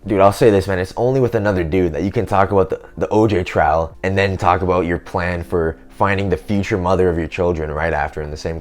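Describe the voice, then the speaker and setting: A man's voice: deep voice, a little mellow. A young man in a casual vlog monologue, rambling and slangy, filling his talk with "man" and "dude". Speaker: self-improvement vlogger.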